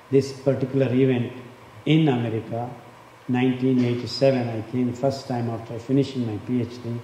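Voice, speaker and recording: A man's voice: mid-range voice, dark tone. A man in his sixties from India, giving an impassioned talk and repeating words for emphasis. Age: 60s. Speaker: speaker on diet and health. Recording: echoey hall, faint background noise.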